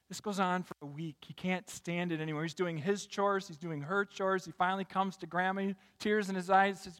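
A man preaching a sermon in a large hall, telling stories with emphatic swells and quiet drops. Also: high-pitched, steady tone, a little fast, few pauses. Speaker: pastor. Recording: long hall reverb.

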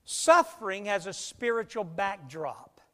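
A man preaching a sermon as pastor, emphatic, swinging between loud and quiet, speeding up and slowing down. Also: sits high, animated, big-room sound. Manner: emphatic preaching with big swings in loudness and pace.

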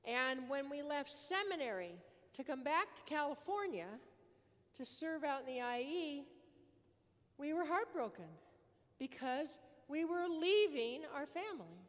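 A woman's voice: sits high, lively intonation, unhurried. A woman priest giving a sermon in an earnest manner, leaning on repetition for emphasis, in a large church. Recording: long church reverb.

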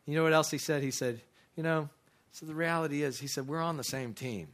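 A middle-aged pastor is telling a story from the pulpit, his voice bright and forward. He talks in an animated way, restarts often, and briefly acts out the other people in the story. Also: a little high, brisk. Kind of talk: sermon storytelling.

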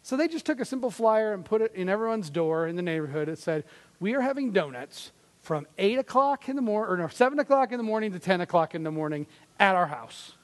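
Earnest high-voiced male preacher in a hall. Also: expressive, quick pace. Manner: earnest, conversational, with fillers and restarts. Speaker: pastor. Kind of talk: sermon.

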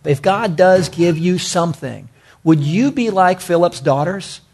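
A man's voice: high-pitched, animated, unhurried, gravelly, darkish tone. A man preaching a sermon, emphatic and repetitive, talking directly to his congregation. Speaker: pastor.

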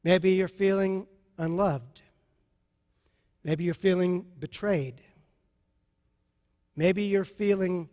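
A man with a high voice preaches to a congregation, pressing his points with emphasis and slow repetition. His voice rings out in a large hall with a long reverb tail. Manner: emphatic, repeats key phrases slowly. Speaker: pastor. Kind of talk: sermon on marriage.

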